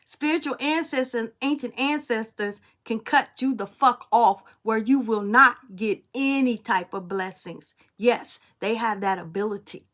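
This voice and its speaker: A woman's voice: high-pitched, fairly bright tone. A woman spiritual reader in a tearful, passionate monologue, blunt and preachy, speaking.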